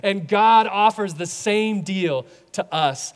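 A man preaching a sermon as a pastor, animated, acting out voices in his stories. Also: high-pitched, slow pace, clear, resonant tone, big-room sound.

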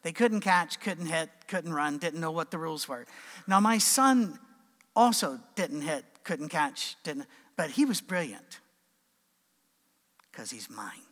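Middle-aged man, preacher, animated storyteller, fairly high voice, long reverb. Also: slow pace. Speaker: pastor. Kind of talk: sermon with humorous storytelling.

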